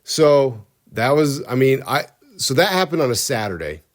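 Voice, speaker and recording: A male podcast co-host tells a story in a loose, rambling way. He often breaks off his own sentences and restarts them, and keeps a light comic tone. His voice sits at an ordinary, mid-range pitch for a man. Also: big pitch swings, moderate pace. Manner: rambling, self-interrupting, comic. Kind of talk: casual storytelling.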